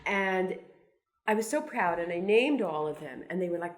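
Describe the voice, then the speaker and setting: A woman's voice: fairly low pitch, expressive, normal speed. Wry, rambling woman in her sixties. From Brooklyn, New York. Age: 60s. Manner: wry, meandering, self-deprecating storytelling with many restarts. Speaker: cartoonist guest speaker. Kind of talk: anecdotal talk to an audience.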